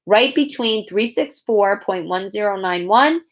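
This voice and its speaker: A woman's voice: medium pitch, measured pace. Woman reading a children's novel aloud. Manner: acts out characters with lively voices. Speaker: reader.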